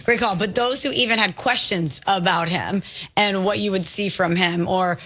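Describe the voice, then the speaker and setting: A woman co-hosting a sports talk show, enthusiastic and quick to agree and riff on the conversation. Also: medium pitch, a bit bright.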